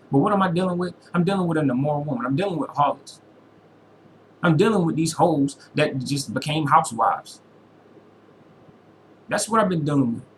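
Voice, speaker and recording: A man's voice: fairly high pitch, slight background noise, poor audio. Preachy man vlogging to his followers. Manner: preachy, quotes scripture, repeats lines for emphasis; informal slangy speech. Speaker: religious vlogger. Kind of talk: impassioned personal monologue to followers.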